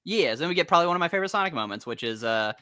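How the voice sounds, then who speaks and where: A young man hosting a casual comics podcast, talking fast and animatedly with lots of swearing and laughter. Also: fairly high pitch, expressive, sharp tone, no room sound, studio quality. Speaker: podcast host.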